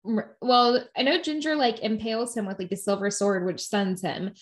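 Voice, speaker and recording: A woman co-hosting a podcast, chatting casually while recapping a show, talking quickly and laughing often. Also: medium pitch, fairly even intonation. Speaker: podcast co-host.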